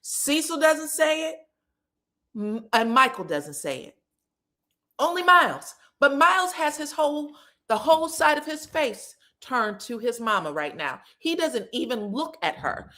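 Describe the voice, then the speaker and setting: A woman's voice: fairly high pitch, sing-song, a little slow, pushed and bright. A woman recapping a reality show in a casual, blunt, profane, mocking way.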